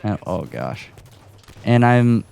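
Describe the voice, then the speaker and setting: A man's voice: on the low side, very animated, slow, gravelly, a little mellow. Chatty, breathless man hosting a podcast. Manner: chatty and self-deprecating, laughing often. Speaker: podcast host. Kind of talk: casual solo podcast while gaming. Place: his room at home.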